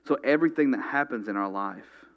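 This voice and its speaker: A man's voice: medium pitch, animated, brisk, highs cut off. A man preaching a sermon, earnestly reading scripture and speaking straight to his congregation. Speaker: pastor.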